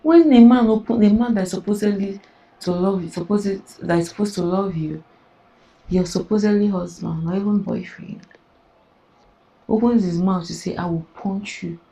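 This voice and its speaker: A woman's voice: lowish voice, steady tone, moderate pace, gravelly, mellow, low-quality recording. A woman hosting a channel, earnestly warning women in an advice commentary. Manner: earnest, warning, laughs between phrases. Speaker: host commenting on the story.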